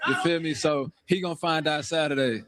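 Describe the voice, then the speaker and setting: A man, a boxer at a press event, talking trash with a calm, laid-back swagger and lots of "man" and "bro". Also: on the high side, fairly quick, no echo. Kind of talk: confident trash talk. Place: press conference hall. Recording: noisy room with a loud crowd.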